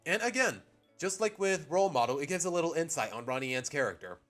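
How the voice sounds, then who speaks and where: A man's voice: a little high, big pitch swings, fast, a bit bright, faint music behind. A man from Mexico, casually rambling through opinions on a live stream and often cutting himself off mid-sentence. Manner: rambling, self-interrupting, opinionated. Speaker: streamer ranking cartoon episodes.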